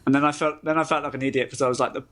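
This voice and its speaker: A man's voice: mid-range voice, steady tone, racing, fairly bright tone. A man from the UK who is an actor guest in a casual interview, chatty and self-deprecating, often laughing through his stories.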